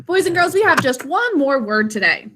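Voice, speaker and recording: A woman's voice: high-pitched, very animated, noisy background. A woman teaching an online literacy lesson over a video call, sounding words out carefully syllable by syllable. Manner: slow, careful syllable-by-syllable enunciation.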